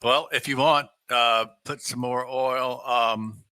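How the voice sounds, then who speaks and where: Bright man in a dry room. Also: mid-range voice, fairly even intonation, slow pace, smooth, dry recording. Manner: plans aloud with fillers and restarts. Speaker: player. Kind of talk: casual play talk.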